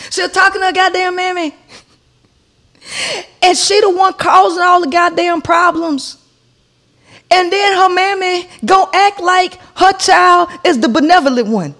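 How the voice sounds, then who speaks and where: A woman in her forties rants through a comic story on her podcast, cursing freely and calling out to her listeners. Her voice sits high and has a gravelly edge. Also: normal speed. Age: 40s. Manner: profane, animated, addresses listeners as y'all. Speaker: podcast host.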